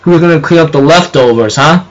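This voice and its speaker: A man quoting a female sorceress in a lowered, coaxing voice. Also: fairly quick, dull audio, natural voice.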